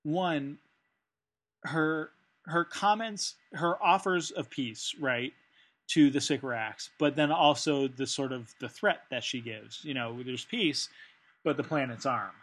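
A man's voice: mid-range voice, takes it slowly, a bit bright. A man co-hosting a casual discussion, thinking aloud with frequent fillers and restarts. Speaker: podcast co-host.

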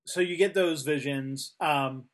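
Guy cohosting a chat, talks slow, lots of ums and restarts. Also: a little high. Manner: hesitant, many fillers and restarts. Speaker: podcast co-host. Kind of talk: casual discussion.

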